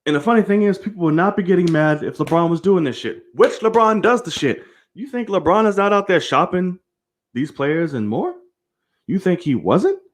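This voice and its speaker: A man's voice: high voice, big pitch swings, normal speed. A man hosting a live-streamed sports show, giving heated, profane opinions and speaking straight to his viewers. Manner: addresses viewers directly.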